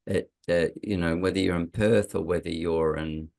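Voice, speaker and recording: Deep-voiced man with a Kiwi accent. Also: moderate pace, vocal fry. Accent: New Zealand mixed with Australian. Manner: relaxed, rambling, many fillers. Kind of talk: casual conversational interview.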